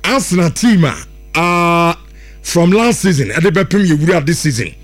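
Rambling radio presenter, higher voice. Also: male voice, animated, normal speed, faint music behind. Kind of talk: casual radio football chat.

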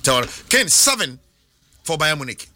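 A man with a Ghanaian accent hosting a radio and TV sports talk show, interjecting and announcing briskly. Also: a little high, sing-song, bright, forceful tone, no echo.

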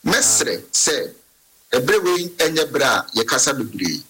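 A man's voice: mid-range voice, sing-song, slow pace, sharp tone, rough recording. A man with a Ghanaian accent, a political marketer speaking earnestly on a radio talk panel and switching between English and Twi.

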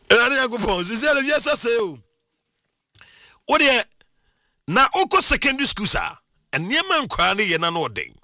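A middle-aged man from Ghana telling his own life story in a casual, animated monologue with frequent exclamations. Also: extremely high pitch, no echo, studio quality. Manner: animated, exclaiming, laughs often.

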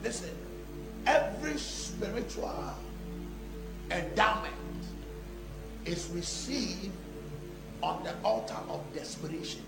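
A man preaching a sermon to a congregation and leading them in call-and-response prayer that builds to shouting. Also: high-pitched, expressive, slow, gravelly, long pauses. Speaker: pastor. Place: church service. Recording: echoey church hall with loud music. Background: loud music.

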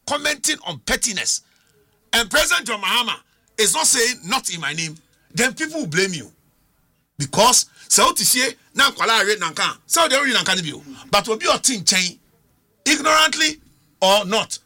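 A man with a Ghanaian accent speaks in a very high, pushed, bright voice. He's a political commentator on a studio panel, arguing through rhetorical questions and moving between English and Twi.

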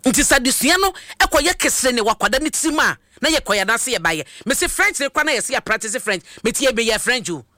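A radio host delivering commentary in a bright, forceful voice, with pitch that swings widely. The delivery is emphatic and full of rhetorical questions. The sound is close and dry, as from a studio microphone. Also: big pitch swings, fast, few pauses, dry recording.

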